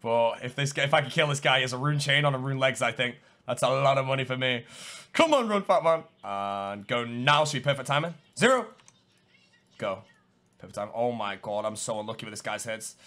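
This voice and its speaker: A young man giving excitable live gameplay commentary, swinging between low muttering and loud yelling. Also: brisk, creaky. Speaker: gaming streamer.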